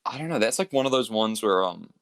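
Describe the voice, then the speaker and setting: A man's voice: fairly low pitch, animated, quick pace, a bit bright, no room sound. A young man with a New Zealand accent, a podcast guest chatting casually in a loose, laid-back way with lots of fillers and the odd swear. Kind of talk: casual chat.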